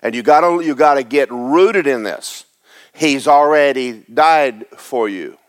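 A man's voice: medium pitch, animated, a little slow. A man delivers a sermon in an everyday, conversational voice. He reads scripture aloud and then explains it, asking questions and repeating words for emphasis. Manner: conversational preaching with repetitions and rhetorical questions. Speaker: preacher.

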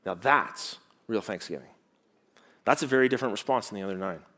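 A man preaching a sermon as pastor, animated and teacherly, asking the congregation rhetorical questions and dropping from loud emphasis to quiet stresses. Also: fairly low pitch, a little fast.

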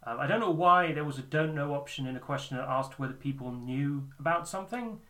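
A man's voice: a little high, a little fast, bright, forceful tone. A man co-hosting a podcast in casual political chat, explaining poll figures step by step. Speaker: podcast co-host.

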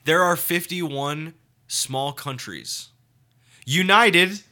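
A man co-hosting a podcast in casual chat, animated and swearing freely. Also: fairly high pitch, extremely slow. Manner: animated, swearing, acts out quoted voices. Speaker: podcast co-host.

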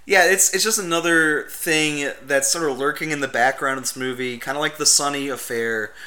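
Bright, chatty podcast co-host. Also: medium pitch, normal speed. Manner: chatty, amused, analytical. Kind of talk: casual chat.

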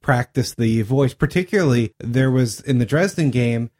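A man's voice: mid-range voice, moderate pace, darkish tone. A man on a gaming podcast, chatting casually with a dry, teasing humor. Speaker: podcast co-host. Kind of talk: casual chat.

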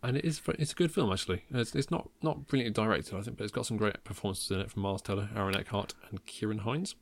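A man's voice: lowish voice, quick pace. A man hosting a casual film podcast, talking in a wry way with many ums and chuckles at his own jokes. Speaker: podcast host.

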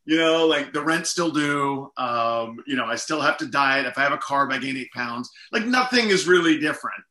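Middle aged comedian guy rambling thru a story, super bright voice, lots of "like", echoey room. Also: medium pitch, animated, normal speed. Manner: rambling, filler-heavy, self-deprecating. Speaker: comedian and impressionist guest. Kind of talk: casual storytelling interview.

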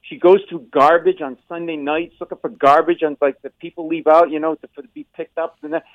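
A middle-aged man hosting morning radio, telling a family story in an animated way and acting out the voices of the people he quotes. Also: fairly high pitch, fairly quick, no room sound, phone-quality sound. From Rhode Island. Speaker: radio show host.

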